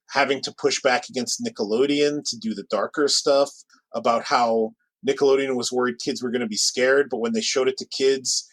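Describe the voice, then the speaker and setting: A man co-hosting a podcast in casual chat, rambling along with restarts and quick asides. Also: medium pitch, no room sound, low-quality recording. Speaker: podcast co-host.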